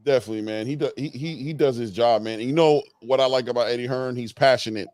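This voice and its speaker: A man hosting a casual boxing chat, excitable and slangy, laughing often. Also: medium pitch, quick pace, dry recording. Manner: excitable, laughing, slangy, says "bro" a lot. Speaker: boxing podcast host.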